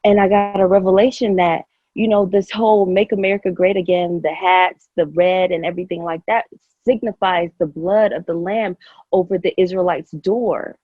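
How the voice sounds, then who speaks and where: A woman in casual conversation, gushing and rambling with lots of fillers. Her voice is a little husky and sits slightly low, and the sound is dull and lo-fi, with a dry room. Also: steady tone, moderate pace, no room sound. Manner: emotional, effusive, rambling with many fillers. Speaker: podcast guest.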